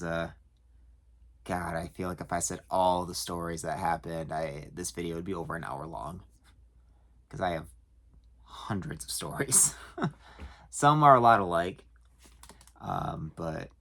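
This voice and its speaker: A man who works at a storage facility tells work stories casually to camera, chuckling and pausing on lots of fillers. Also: sits low, fairly bright tone. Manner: chuckling, hesitant with many fillers.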